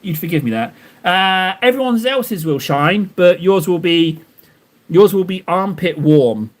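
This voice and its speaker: A young man rambles to his stream chat while he paints, joking at his own expense. His voice sits a little on the high side, and he talks in loose, looping sentences full of restarts. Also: expressive, measured pace. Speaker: live streamer painting miniatures. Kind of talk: casual live-stream chat.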